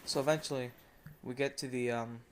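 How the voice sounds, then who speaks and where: Young man, vlogger, profane rambling story, monotone delivery, faint hiss behind. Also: medium pitch, brisk. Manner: profane, rambling, frequent fillers. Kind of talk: casual storytelling rant.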